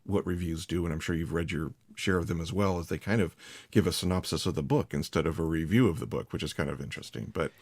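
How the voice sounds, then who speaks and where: A man's voice: sits low, fast talker, hardly any pauses, a little mellow, no echo. A man talking shop about narrating audiobooks in a casual, rambling chat, with lots of restarts and fillers. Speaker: audiobook narrator, podcast host. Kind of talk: casual conversation.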